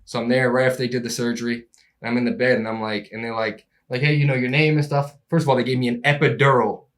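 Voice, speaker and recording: A young man telling a long story in casual chat, animated and laughing, acting out the people in it. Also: mid-range voice, fast. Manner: animated, acts out voices in his story, laughs often. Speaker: podcast guest telling a story.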